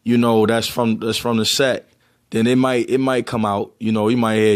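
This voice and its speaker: A man's voice: medium pitch, flat delivery, normal speed, clear, resonant tone. A man from Baltimore with a Baltimore accent, rambling casually to the camera with lots of fillers. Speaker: vlogger.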